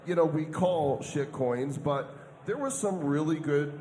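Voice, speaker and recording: A man's voice: on the high side, a little slow, mellow. Man moderating a live panel in a hall. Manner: eager, leading questions to guests. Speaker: podcast co-host. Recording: roomy live hall with long reverb.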